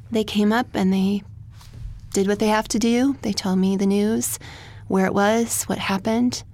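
A woman telling a personal story of loss as a radio guest, soft-spoken and halting, sometimes dropping to a whisper. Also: mid-range voice, steady tone, dry recording. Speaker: guest, military widow.

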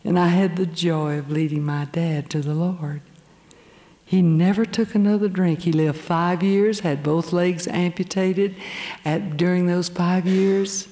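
Older woman, lively testimony speaker, voice ringing through a big hall. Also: fairly low pitch, measured pace. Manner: animated storyteller acting out voices. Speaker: speaker giving her testimony. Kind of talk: storytelling testimony to an audience. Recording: long hall reverb.

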